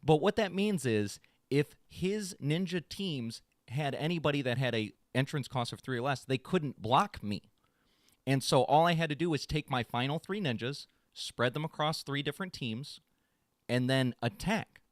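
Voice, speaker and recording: Lively animated man telling a story. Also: medium pitch, moderate pace, no echo, clean studio sound. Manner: animated, acts out quotes in a raised voice. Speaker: podcast co-host. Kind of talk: casual storytelling chat. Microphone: studio podcast mic.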